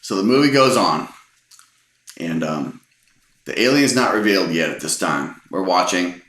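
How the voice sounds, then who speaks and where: A man in his forties casually telling a funny personal story, relaxed and amused, often restarting his sentences. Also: sits low, normal speed. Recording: roomy echo.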